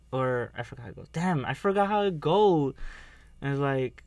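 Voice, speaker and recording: A man's voice: mid-range voice, expressive, moderate pace. A man hosting a casual podcast, talking in a rambling way with many fillers. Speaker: podcast host. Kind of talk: casual chat.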